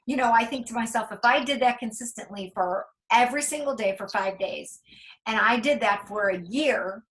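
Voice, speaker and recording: An enthusiastic woman leading a casual team training over a video call, talking through numbers out loud. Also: a little high, normal speed, poor audio.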